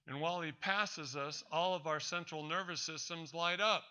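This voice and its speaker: A man's voice: on the high side, normal speed, sharp tone, clear, resonant tone. A man presenting a talk, telling a personal story in an emphatic, defiant way to an audience. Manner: emphatic and defiant, addresses doubters directly.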